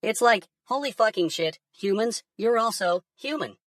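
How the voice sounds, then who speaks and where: A woman's voice: a little high, animated, normal speed, dry recording, clean studio sound, distant mic, natural voice. A woman voicing a laid-back, stoned alien conspiracy theorist who rambles and swears casually in a comedic monologue. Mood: stoned rambling.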